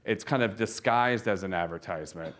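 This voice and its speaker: A man's voice: lowish voice, a little fast, a bit bright. Chatty man presenting a seminar. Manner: chatty storyteller, frequent fillers and restarts. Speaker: real estate seminar presenter. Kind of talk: casual seminar talk. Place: seminar room with audience.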